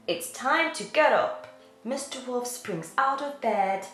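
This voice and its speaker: A woman with a high voice reads a bedtime story to small children, her tone playful and swooping up and down. She takes her time, and her voice carries an echo from the room, with faint music behind it. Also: takes it slowly. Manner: playful, animated and sing-song. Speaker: children's storyteller and channel host.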